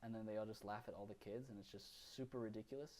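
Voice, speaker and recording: A podcast co-host recaps films in a loose, rambling chat packed with fillers and restarts. His voice is on the low side and a bit dark, steady in tone, and he talks quickly.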